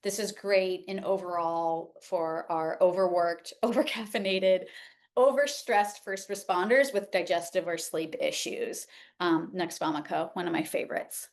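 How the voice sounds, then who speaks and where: A woman's voice: lowish voice, steady tone, measured pace. A middle-aged woman teaching in a conversational lecture, with many fillers and "like". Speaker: homeopathy educator. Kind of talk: informal lecture.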